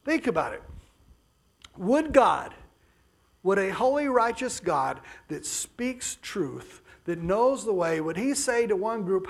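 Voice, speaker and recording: A man preaching a sermon emphatically, dropping to soft low passages and then rising to raised bursts. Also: big pitch swings, takes it slowly, vocal fry.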